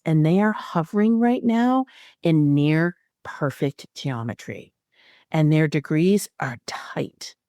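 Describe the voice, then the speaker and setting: A woman hosts an astrology podcast and talks through spiritual guidance in an expressive way, with frequent fillers. Her voice is low and mellow, recorded close and dry. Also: no room sound.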